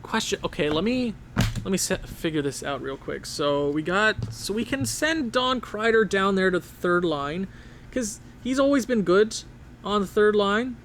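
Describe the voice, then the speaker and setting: A man giving casual, excitable gameplay commentary, talking straight to the game as he plays. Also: sits high, moderate pace, a little hiss or hum. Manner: excitable, talks to the game and players. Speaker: gaming channel host.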